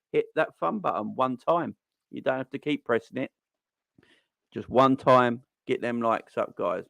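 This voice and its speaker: A man hosting a casual fan live stream, rambling and excitable, full of slang and shout-outs. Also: on the high side, gravelly, no echo. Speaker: fan channel host.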